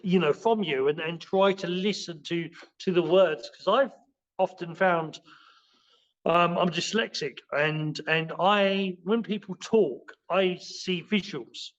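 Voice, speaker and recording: High-voiced man explaining, full of restarts. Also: slow pace, poor audio. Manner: rambling, with many restarts and fillers. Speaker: guest, martial arts and qigong teacher. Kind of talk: casual spoken explanation in a podcast interview.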